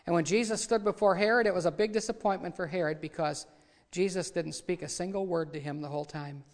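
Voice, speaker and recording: A man's voice: sits high, fast. Guy preaching a sermon, acts out the quotes big, long echo off the hall. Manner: dramatic retelling, voices quoted lines louder.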